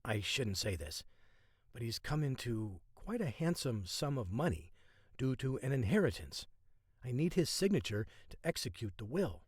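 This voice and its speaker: A man voicing a calm, guarded male spy who talks in terse, dry replies. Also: medium pitch, moderate pace, breathy edge, no room sound.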